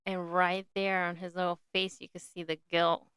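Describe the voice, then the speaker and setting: A woman's voice: lowish voice, level tone, normal speed, a bit bright, clean tone, dry recording. A woman hosting a podcast, chatting casually and speculating, with frequent "like" fillers. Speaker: podcast host. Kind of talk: casual solo commentary.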